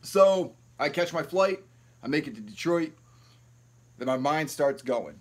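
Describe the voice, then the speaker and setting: A man's voice: a little high, animated, measured pace. A young man telling rambling, profane stories to camera at home, without an external mic. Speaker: YouTube vlogger. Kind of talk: casual storytelling to camera. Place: at home, no ring light set up. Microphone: built-in camera mic, no external mic.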